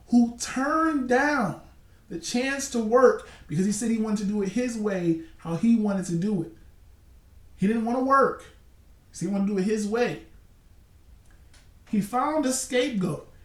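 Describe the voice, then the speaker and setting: A man in his forties giving casual commentary and spinning a long hypothetical scenario, repeating points for emphasis. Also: high voice. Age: 40s. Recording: roomy echo, distant mic.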